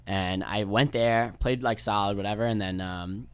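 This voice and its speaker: A man's voice: on the low side, moderate pace, clean tone, no echo. A young man from New York, a podcast guest telling rambling, laid-back stories and swearing freely. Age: young adult. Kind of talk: casual storytelling chat.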